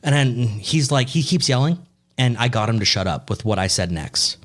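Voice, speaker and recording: A man's voice: mid-range voice, expressive, normal speed, fairly bright tone. Profane ranting man telling stories. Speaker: podcast co-host. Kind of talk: casual chat.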